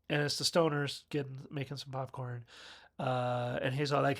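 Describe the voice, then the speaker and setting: Gravelly man rambling through a film review. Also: mid-range voice, steady tone, brisk, bright, forceful tone. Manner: rambling, self-correcting, with chuckles. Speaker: movie reviewer.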